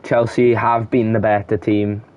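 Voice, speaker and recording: A man's voice: lowish voice, little pitch movement, unhurried, dull audio. A young man giving casual play-by-play commentary on a football video game, reading off player names in short bursts. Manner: calls player names in short bursts, shouts at goals and chances.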